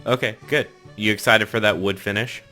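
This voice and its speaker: Bright-voiced male podcast host. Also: on the low side, fairly even intonation, fairly quick, faint music behind. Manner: jokey, laughs mid-sentence. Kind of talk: casual group chat.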